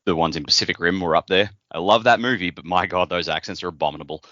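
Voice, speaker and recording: A man's voice: deep voice, fast talker, sharp tone, no room sound. A man co-hosting a podcast, chatting casually and joking about a book. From Australia. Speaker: podcast co-host. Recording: dry, dull lo-fi audio.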